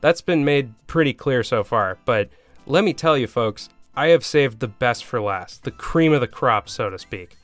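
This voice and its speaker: A Canadian man with a Canadian accent narrating a comedic movie review, with sarcastic deadpan asides. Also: mid-range voice, normal speed, dry recording, faint music behind. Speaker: video reviewer host.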